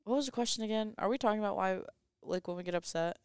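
A woman's voice: medium pitch, fast, clear, resonant tone, no room sound. A teenage girl in her middle range talks easily on a homemade podcast. She is laid-back, laughs often and lets her thoughts trail off. Her voice is very clean and close, with a dry sound. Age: teens. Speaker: podcast co-host. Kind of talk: casual chat. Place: classroom.

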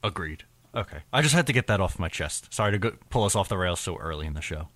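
Blunt, teasing male co-host from Long Island, deeper voice, dry close sound. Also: lively intonation, fast, a bit bright, no echo. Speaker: podcast co-host. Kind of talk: casual sports talk.

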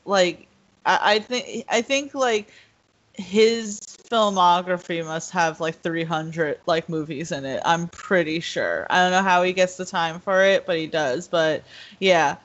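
A woman's voice: lowish voice, a little slow. A woman co-hosting a casual film podcast, loose and informal, laughing and swearing easily. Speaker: podcast co-host. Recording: dull lo-fi sound.

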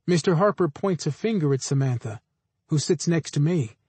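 A man narrating a first-person audiobook in a plain, even storytelling manner. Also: on the high side, normal speed, husky, no echo.

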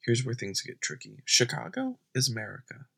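A young man doing a deadpan comedy bit at home at night, rambling and often dropping to a whisper. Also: medium pitch, a little fast, vocal fry, husky.

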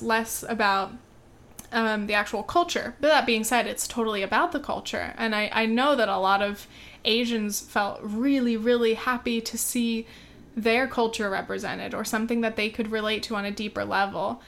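A woman's voice: fairly high pitch, fairly bright tone, slight background noise. An American woman chatting casually on camera about films she has seen, talking loosely with lots of "um" and "like" and getting heated now and then. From United States. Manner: chatty, full of "um" and "like", gets heated. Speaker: vlogger reviewing films. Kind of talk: casual chat.

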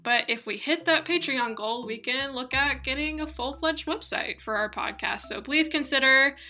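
A woman's voice: high voice, normal speed, pushed and bright, faint music behind. A woman game master and podcast host, talking chattily with many fillers. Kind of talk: casual chat and read announcements.

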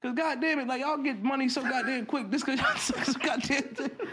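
A man's voice: very high-pitched, a little fast, noisy background. A man co-hosting a podcast, ranting bluntly and profanely in casual chat. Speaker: podcast co-host.

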